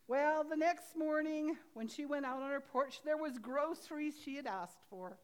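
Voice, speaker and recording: A woman's voice: sits high, takes it slowly, long pauses. Chatty woman pastor telling a story. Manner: homely, chatty, laughs at herself. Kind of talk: sermon with storytelling.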